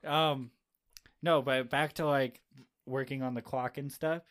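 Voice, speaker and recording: A man's voice: mid-range voice, steady tone, measured pace, fairly bright tone. Rambling man in casual chat. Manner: rambling, hesitant, teasing. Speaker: podcast co-host. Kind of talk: casual banter.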